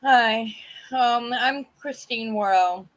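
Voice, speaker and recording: Slow, halting woman sharing her story. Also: fairly high pitch, poor audio. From California. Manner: halting, many fillers and restarts. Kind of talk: virtual panel testimony. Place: video call from home. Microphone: video call.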